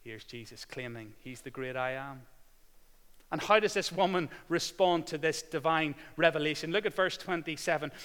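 Bright-voiced preacher in a reverberant hall. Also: male voice, a little high, moderate pace, clean tone. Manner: swings between loud proclamation and hushed intimacy. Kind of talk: sermon.

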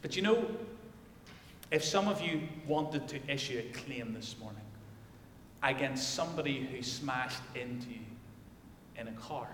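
A male pastor delivering a sermon and reading scripture, swinging from loud declarations to hushed emphasis. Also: mid-range voice, lively intonation, a little slow, a little hiss or hum. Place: church. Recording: echoey church hall.

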